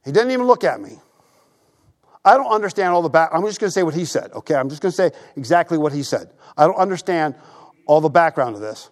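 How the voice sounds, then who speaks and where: A male pastor preaching a sermon in a church, telling stories in a lively, conversational way and repeating his phrases. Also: a little high, brisk.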